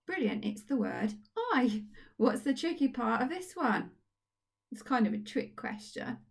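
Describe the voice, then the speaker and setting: A primary school teacher records a phonics lesson for young children at home, sounding upbeat and encouraging. Her voice is a little high, expressive, unhurried, and creaky.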